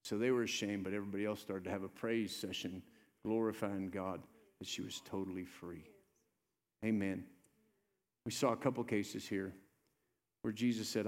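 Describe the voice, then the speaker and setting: A male pastor preaching a sermon, swinging between loud urgent appeals and low soft asides. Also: fairly even intonation, normal speed, pauses often. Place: church sanctuary. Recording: live church sermon with long reverb.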